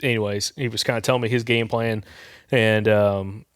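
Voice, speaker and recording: A man hosting a podcast, telling a long story in a rambling, relaxed way. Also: fairly low pitch, normal speed, smooth, dry recording, studio quality. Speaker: podcast host.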